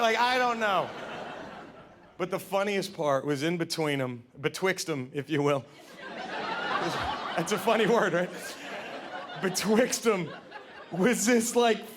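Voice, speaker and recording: A man performing a stand-up comedy set on a club stage, animated, shouting his punchlines and acting out characters. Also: high-pitched. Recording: noisy live club recording.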